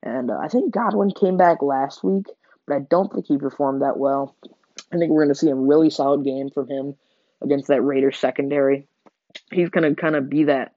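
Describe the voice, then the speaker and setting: A man with a fairly high, slightly mellow voice hosts a sports podcast on a dry, dull lo-fi home mic. He rambles through game predictions with lots of fillers and self-corrections.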